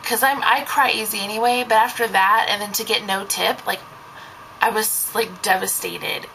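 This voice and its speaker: A woman's voice: medium pitch, normal speed, gravelly, sharp tone, slight background noise, rough recording. A young woman, a babysitter, telling a story in a casual vlog, rambling and saying "like" constantly. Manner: rambling, heavy use of "like".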